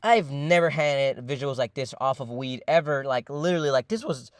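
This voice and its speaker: In a clean studio recording without echo, a young man with a medium-pitched voice briskly recounts a long, rambling story, cursing casually, repeating himself, using many fillers, and often calling his audience "ladies and gentlemen."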